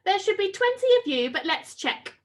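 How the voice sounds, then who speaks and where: A woman reading a storybook, voicing a brisk male teacher giving instructions to a class. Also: extremely high pitch, big pitch swings, pitched above the performer's own voice.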